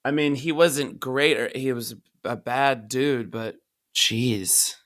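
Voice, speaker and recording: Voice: medium pitch, slow, fairly bright tone. A podcast co-host chatting casually, joking and reacting with amazement. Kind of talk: casual chat.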